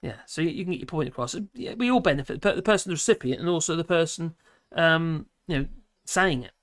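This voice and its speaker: Norfolk-accented male streamer with a somewhat high voice in a dry room, rambling and self-deprecating as he reads chat. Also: lively intonation, fast, fairly bright tone, no room sound. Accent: Norfolk English. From England. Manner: rambling, hesitant, filler-heavy; chuckles easily, self-deprecating. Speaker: livestream host reading chat. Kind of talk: casual livestream chat. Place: home in rural France.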